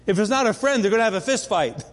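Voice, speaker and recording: High-voiced man preaching in echoey hall. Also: animated, quick pace. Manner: conversational, restarts often. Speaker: pastor. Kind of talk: sermon. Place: church.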